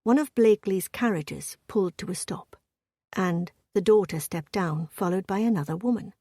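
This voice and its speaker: Female romance-audiobook narrator, measured and steady, warm breathy voice. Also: medium pitch, dry recording, clean studio sound.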